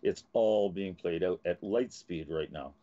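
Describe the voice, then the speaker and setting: A man's voice: deep voice, measured pace, dark tone, lo-fi sound. A man hosting a live talk show from Canada, ranting and swearing as he gets angry. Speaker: host.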